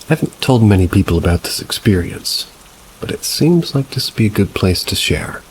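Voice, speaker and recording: A man calmly narrating reader-submitted paranormal stories, adding brief asides of his own. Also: on the low side, moderate pace, a little hiss or hum, poor audio. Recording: rain sounds mixed behind the voice. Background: steady rain ambience.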